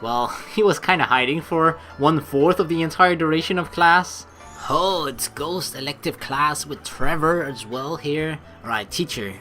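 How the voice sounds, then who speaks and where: A woman commentating a visual novel let's play, chatty and jokey, tossing in the odd swear word. Her voice sits at an ordinary pitch but bounces in lively swings from line to line. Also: moderate pace, faint music behind. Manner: chatty, joking, swears casually.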